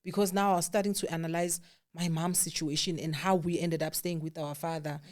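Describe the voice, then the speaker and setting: A South African woman, a guest telling a personal story in a candid, animated way, voicing the people she quotes and dropping to a hush at times. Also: deep voice, a little fast. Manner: candid, animated quoting of others, drops to hushed tones.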